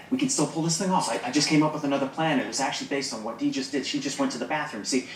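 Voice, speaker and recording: A man's voice: medium pitch, echoey room, far from the mic, a little hiss or hum, close to an everyday voice. An actor playing a smug, manipulative man in a sitcom who lays out plans in a persuasive, condescending way. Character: smug, manipulative young man leading schemes. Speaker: sitcom character. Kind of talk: sitcom acting.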